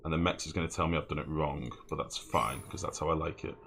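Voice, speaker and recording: A man's voice: a bass voice, steady tone, quick pace, vocal fry, a bit bright, slight background noise. A man chatting casually and swearing freely while he streams a game and answers chat. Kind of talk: casual gameplay commentary.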